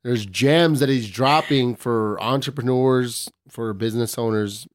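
A man's voice: mid-range voice, unhurried, no echo, clean studio sound. A man hosting a casual podcast, joking loosely with slang and swearing and laughing often. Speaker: podcast host.

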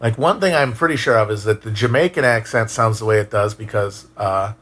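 A man casually talking on a live stream and answering chat, musing out loud, swearing now and then, with frequent restarts. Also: fairly low pitch, a little fast, slightly rough. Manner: rambling, musing, profane, many restarts.

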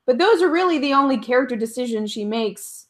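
A woman's voice: high voice, expressive, brisk. A woman co-hosting a podcast, chatting casually in a blunt, wry, sweary way. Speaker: podcast co-host. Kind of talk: casual chat.

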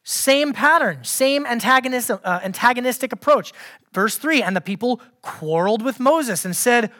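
A woman's voice: medium pitch, normal speed, a bit bright. A woman delivers a sermon, reading scripture and giving its quoted speakers dramatic voices. Between readings she adds dry, sarcastic asides. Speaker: preacher.

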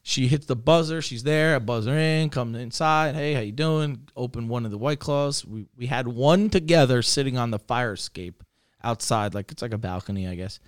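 A man's voice: mid-range voice, moderate pace, no room sound, studio quality. A man on a podcast telling a long crude story, rambling and profane. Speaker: podcast co-host.

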